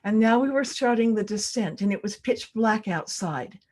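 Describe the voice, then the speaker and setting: An older woman telling a personal story live at a storytelling event, pausing for drama and dropping to a hush at tense moments. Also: fairly high pitch, animated.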